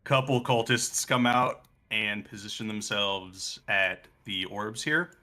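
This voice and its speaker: A man runs a tabletop game, narrating in an unhurried, deliberate way. His voice sits fairly low but has a bright, forward tone. He laughs often and drifts through fillers as he describes the scene. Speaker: game master.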